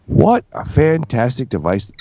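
A man's voice: mid-range voice, huge pitch swings, measured pace, dark tone, dull audio, slight background noise. A man co-hosting a podcast, joking and swearing casually while he has the hiccups. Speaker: podcast co-host. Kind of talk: casual chat.

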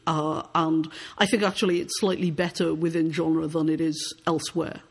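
A woman author reads a passage of her novel aloud. She then answers interview questions in a thoughtful, measured way. She often repeats words as she begins a sentence. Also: low voice, level tone, gravelly, husky.

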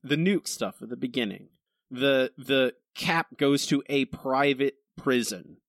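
A man's voice: medium pitch, unhurried, a bit bright, no echo, clean studio sound. A man co-hosting a casual podcast, ranting about a comic book with exasperation and mocking quoted voices. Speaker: podcast co-host reviewing comics. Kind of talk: casual chat.

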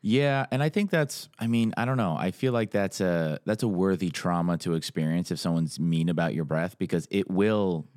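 Man, podcast co-host, extremely deep voice, easygoing wry chat, dry sound. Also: normal speed, hardly any pauses, a little mellow, no room sound. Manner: laid-back, agreeable, wry. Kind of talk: casual chat.

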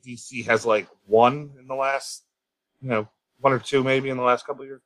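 A man's voice: mid-range voice, steady tone, normal speed, a bit bright, low-quality recording. A man on a casual podcast, dry and dismissive, swearing casually as he talks. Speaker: podcast co-host or guest.

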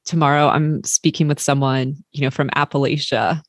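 A woman's voice: low-pitched, level tone, normal speed, no echo, studio quality. A woman podcast host, chatty and fond of telling stories, interviewing a guest remotely. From Maryland, United States. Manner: chatty, warm storyteller, many fillers. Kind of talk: casual interview chat.

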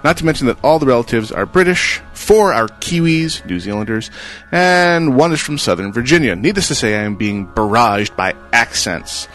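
A man co-hosts a relaxed gaming podcast, reading listener mail with an animated, swinging delivery. He drops playful jokes as he goes. Light music sits faintly in the background. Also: medium pitch, normal speed. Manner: playful, jokey asides. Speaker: podcast co-host. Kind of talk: casual chat, reading listener emails.

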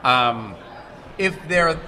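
A middle-aged man from Montreal, an actor being interviewed at a convention, who talks in casual animated stories, restarts his sentences and acts out the quotes. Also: mid-range voice, extremely slow. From Montreal, Canada. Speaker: actor guest. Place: convention hall.

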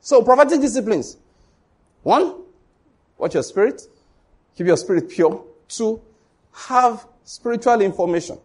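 Husky, emphatic preacher man. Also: high-pitched, lively intonation, measured pace, pauses often. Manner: emphatic, repetitive, asks the congregation questions. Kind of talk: sermon.

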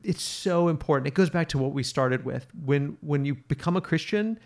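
A man's voice: fairly high pitch, moderate pace. A man hosting a Bible study podcast, talking in an earnest, teacherly way and often repeating words as he thinks. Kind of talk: casual Bible study talk.

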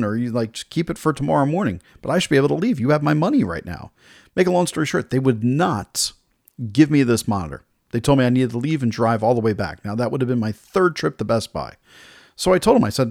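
Gravelly man telling an exasperated story. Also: medium pitch, a little mellow, no echo, studio quality. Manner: exasperated, retells dialogue in other voices. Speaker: podcast host. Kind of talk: casual storytelling rant.

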